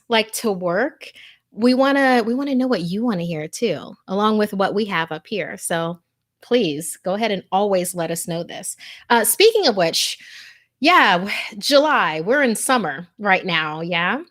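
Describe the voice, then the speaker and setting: A woman's voice: medium pitch, animated, measured pace, a bit bright. A woman hosting a live stream, chatting casually and gushing over viewer comments with lots of fillers. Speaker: host.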